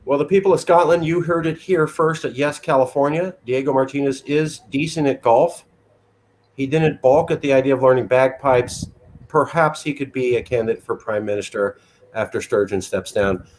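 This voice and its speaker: A man's voice: medium pitch, moderate pace, a little hiss or hum. A man hosting an interview, chatting casually, joking, and giving his opinions. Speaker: interview host.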